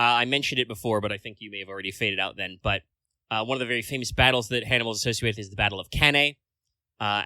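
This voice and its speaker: A man's voice: fairly low pitch, bright, forceful tone, dry recording. A man co-hosting a casual podcast chat, rambling along with lots of filler words and casual swearing. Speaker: podcast co-host.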